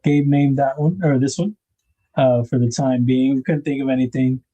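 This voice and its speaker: A man's voice: mid-range voice, steady tone, moderate pace, dark tone, highs cut off. A man hosting a casual livestream, rambling about knife design and greeting viewers in the chat by name.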